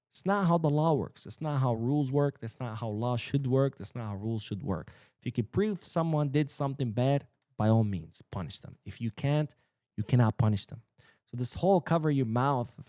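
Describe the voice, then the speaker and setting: A man hosts a football news show and rants in a blunt, profane way. His voice sits in a middle pitch. The sound is dry and close to the mic. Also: no room sound. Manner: blunt, profane, animated ranting. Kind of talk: ranting commentary.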